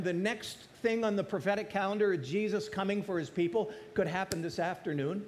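A man with a high voice preaching to his congregation. He repeats his key phrases and drives them home with rising force. He slows down on the words he wants to land. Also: darkish tone, slight background noise. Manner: preaching with rising emphasis and repetition. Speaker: pastor. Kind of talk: sermon.

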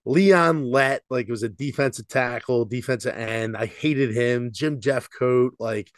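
A man's voice: medium pitch, unhurried, no echo. Ranting man, dry close sound. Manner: animated, profane sports ranting. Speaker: podcast co-host. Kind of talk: casual chat.

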